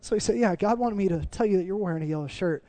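Earnest higher-voiced male preacher. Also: rapid-fire. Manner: conversational, earnest, dips soft in emotional parts. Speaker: pastor. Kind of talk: sermon with storytelling.

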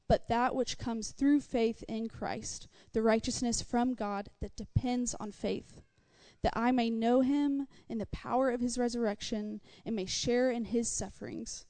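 Mellow-voiced woman reading scripture. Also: fairly high pitch. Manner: measured, steady reading. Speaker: scripture reader.

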